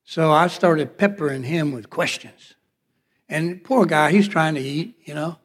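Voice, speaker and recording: A man's voice: a little high, unhurried. Man preaching a storytelling sermon in a reverberant hall. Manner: storytelling, acts out quoted dialogue. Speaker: pastor. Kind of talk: sermon with personal testimony. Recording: long reverb of a large hall.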